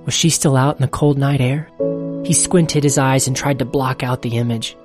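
A narrator reading a story aloud in a steady, earnest manner over faint music. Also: medium pitch, normal speed.

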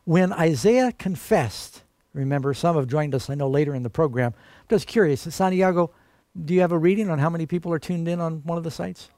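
An earnest man preaches a sermon, pressing each point with emphasis and calling his listeners friends. His voice sits a bit high for a man. It is recorded close and dry, with no room sound. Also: fairly quick, mellow, no echo.

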